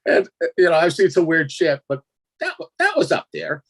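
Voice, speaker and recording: A man telling a strange personal story in a casual interview, animated and laughing as he acts out his own reactions. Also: fairly high pitch, normal speed, breathy edge. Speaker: guest storyteller.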